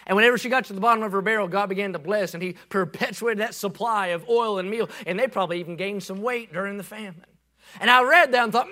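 A male preacher delivering a lively sermon with folksy humor and shouted peaks. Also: high-pitched, fast.

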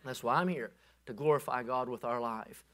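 A male preacher delivering a lively sermon with folksy humor and shouted peaks. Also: mid-range voice, moderate pace.

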